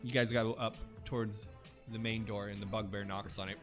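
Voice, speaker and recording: A young man with a lowish voice runs a tabletop game, narrating scenes in a halting way. He stops often on fillers as he describes the action. Faint music plays behind him. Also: level tone. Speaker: game master.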